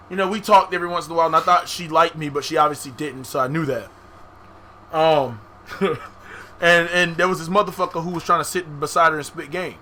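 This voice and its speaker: A young man hosts a podcast, casually telling a story full of profanity and laughter. His voice is a little high, with a bright, forceful tone, and there's faint background noise in the recording.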